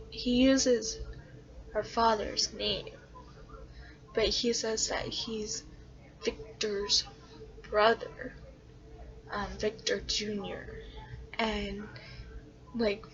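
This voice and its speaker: Slow, hesitant woman telling a story. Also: mid-range voice, fairly bright tone. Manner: hesitant, full of fillers. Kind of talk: casual storytelling. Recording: dull lo-fi recording.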